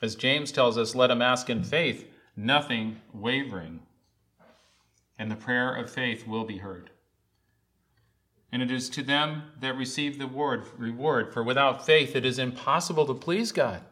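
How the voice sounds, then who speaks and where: A male preacher gives a sermon in a bright, forceful mid-range voice, speaking a little slowly. Earnest, he repeats his key lines, building to loud, emphatic calls and then settling back to a conversational tone.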